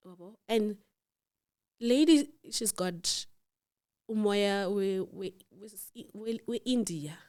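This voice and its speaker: Slow and clear, with a resonant mid-range voice, a South African storyteller host recounts something personal in casual conversation. She's animated and performs the voices of the people involved.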